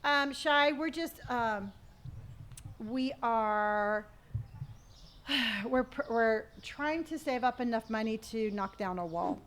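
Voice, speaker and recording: A woman's voice: on the high side, takes it slowly, long pauses, a bit bright, a little hiss or hum. A middle-aged woman chatting casually on a live stream while she plays, reading viewer comments aloud and humming to herself. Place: at home.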